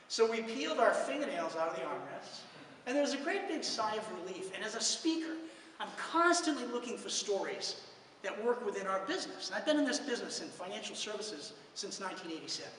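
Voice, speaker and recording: Middle-aged male keynote speaker, a joking storyteller with a bright voice, miked from far off. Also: high voice, sing-song, fairly quick, a little hiss or hum. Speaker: financial services conference speaker. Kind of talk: conference talk. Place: large conference hall. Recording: echoey hall, from far off.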